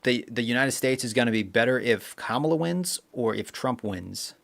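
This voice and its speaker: A man's voice: mid-range voice, moderate pace, gravelly. Male streamer, casual chatty delivery, filler-heavy, mid-range voice. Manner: chatty, reads viewer comments aloud, rambling with fillers. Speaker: livestream host. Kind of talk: casual live-stream chat.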